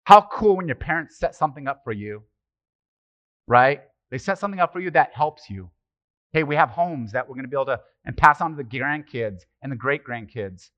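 A middle-aged man preaching a casual, conversational sermon as pastor, animated and joking, throwing rhetorical questions at the congregation. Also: mid-range voice, a little fast. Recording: slightly muffled, dry sermon recording.

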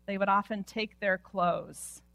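A woman pastor preaching a sermon with impassioned delivery, often dropping to a hushed near-whisper at the ends of phrases. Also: mid-range voice, steady tone, unhurried, no echo. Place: church sanctuary.

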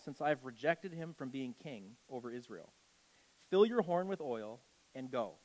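A man's voice: a little high, rough recording. A man preaching as a pastor, reading scripture and breaking off into conversational asides with lots of "like" and "okay".

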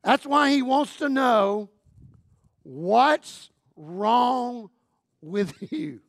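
A man delivers a sermon in a fairly high, gravelly voice, taking his time with each phrase. He preaches conversationally and with humor, repeating himself for emphasis and swinging between loud punchy lines and hushed ones. The sound is close and dry. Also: very animated, drawn-out words, no room sound. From Texas. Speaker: guest pastor.

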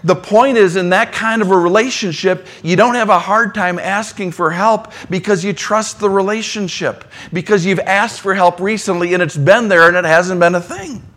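A man's voice: normal speed, few pauses. Conversational man preaching a sermon. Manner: conversational, swings between soft low asides and emphatic lines. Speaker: pastor.

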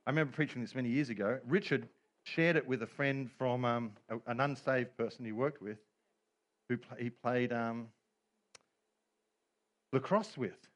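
A man's voice: medium pitch, normal speed, long pauses. A middle-aged man preaching a sermon as pastor, telling stories with humor and quoted voices.

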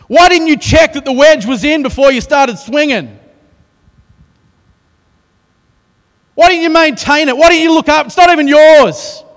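Enraged scolding bloke, high and shouted, rapid-fire questions, put on by a male preacher, long hall reverb. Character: furious scolding man berating a careless worker.

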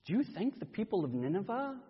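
A man voicing God as a patient, gentle male deity who explains quietly. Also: sits high, very animated, a little fast, slightly rough, heavily acted. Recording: dull reverberant church recording.

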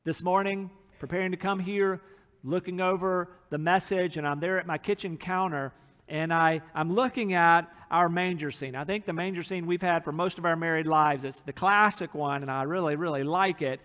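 A middle-aged male pastor preaching earnestly in a church sanctuary, his high voice carrying a long reverb from the large hall. He reads scripture aloud and explains it verse by verse. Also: fairly even intonation, moderate pace, fairly bright tone. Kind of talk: sermon.

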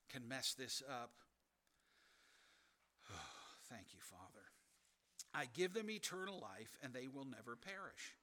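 With a voice in the middle range, this man delivers a sermon as a pastor, his earnestness climbing toward forceful, insistent high points and dropping now and then into hushed, almost whispered remarks.

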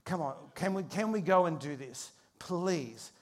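A man's voice: fairly high pitch, lively intonation, unhurried. A man voicing an eager, pleading old man who begs his wife for a plane ride. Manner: wheedling, coaxing.

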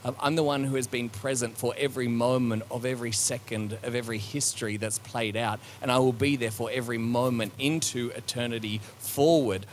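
A man's voice: mid-range voice, steady tone, fairly quick, hardly any pauses, slight background noise. A man preaching a sermon to a congregation, thinking aloud in a loose, conversational way with frequent ums, restarts and reflective asides. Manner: conversational, with many fillers and restarts; reflective and searching.

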